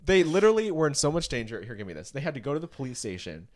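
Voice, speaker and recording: A man's voice: mid-range voice, very animated, racing. A man co-hosting a casual celebrity news podcast, asking incredulous, sarcastic questions and reading news excerpts aloud with asides. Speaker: podcast co-host.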